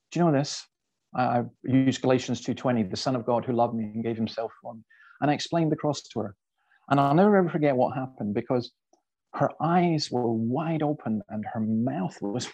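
A middle-aged man speaking to a church audience, telling stories as an evangelist, animated and often repeating himself. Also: medium pitch, poor audio. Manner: animated storyteller who repeats words and restarts sentences. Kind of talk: storytelling talk to a church audience.

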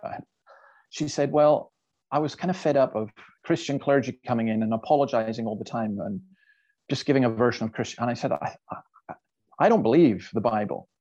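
Animated male storyteller with a medium-pitched voice. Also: dull audio. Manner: animated storyteller who repeats words and restarts sentences. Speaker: Christian speaker and evangelist. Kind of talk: storytelling talk to a church audience.

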